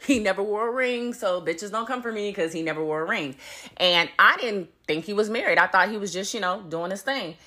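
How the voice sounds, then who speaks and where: Animated, profane woman ranting on her podcast. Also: fairly quick. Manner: blunt and profane, swinging between loud emphasis and low muttering; laughs between points. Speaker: podcast host. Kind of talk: casual solo podcast rant.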